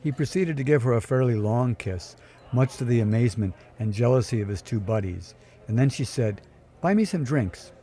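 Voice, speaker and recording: A man's voice: medium pitch, expressive, normal speed, warm tone, natural voice. A brash flirtatious club woman, as a man puts her on. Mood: coaxing.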